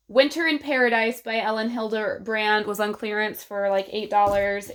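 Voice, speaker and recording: A woman's voice: mid-range voice, fairly bright tone. A young woman from Texas with a Texan accent, chatting casually about books in a vlog and laughing easily. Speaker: book vlogger. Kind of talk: casual chat.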